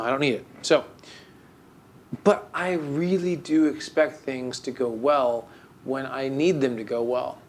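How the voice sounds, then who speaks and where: A man's voice: medium pitch, slight background noise. Rambling male podcast co-host. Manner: rambling, with many fillers and restarts; mock-melancholy storytelling. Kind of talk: casual chat.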